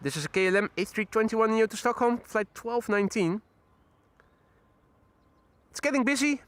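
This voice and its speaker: A man's voice: high voice, expressive, normal speed, a bit bright. A man hosting a live plane-spotting stream outdoors, chatting casually with viewers and using frequent fillers. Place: outdoors near airport runway.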